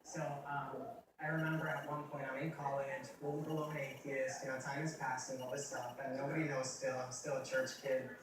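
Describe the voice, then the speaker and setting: A man's voice: medium pitch, little pitch movement, normal speed. A young man giving a candid personal testimony in a casual, rambling way, with self-deprecating humor and quotes he acts out. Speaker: testimony speaker. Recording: roomy, distant mic with noticeable background noise.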